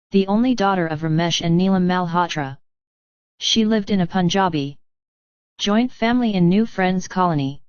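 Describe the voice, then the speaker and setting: A woman's voice: lowish voice, darkish tone, smooth, dry recording, muffled recording. Dry-toned woman reading an audiobook. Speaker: audiobook narrator. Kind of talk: audiobook narration.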